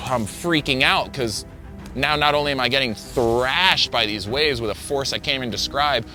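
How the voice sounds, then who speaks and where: A man telling the story of a surfing wipeout in a casual, halting way, full of fillers and quoted thoughts. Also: lowish voice. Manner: vivid, halting retelling with many fillers and self-quotes. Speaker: surfer recounting a wipeout.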